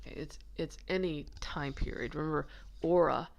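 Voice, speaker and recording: A woman's voice: sits low, steady tone, normal speed, creaky. A woman giving a casual, chatty lesson on a manuscript, giggly and rambling, who stops to answer viewer comments. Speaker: manuscript researcher presenting her findings.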